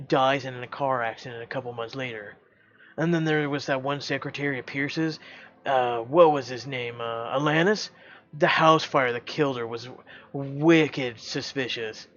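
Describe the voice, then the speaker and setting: A man's voice: mid-range voice, fairly bright tone, lo-fi sound, close to an everyday voice. A man doing a cocky, swaggering young guy. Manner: boastful, swearing, emphatic.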